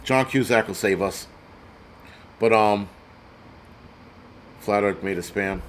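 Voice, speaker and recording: A man's voice: fairly low pitch, takes it slowly, slight background noise. A man hosting a prepper show, ranting in crude, sarcastic live-stream commentary and reading out donor names. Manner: reads donor names aloud. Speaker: prepper channel host.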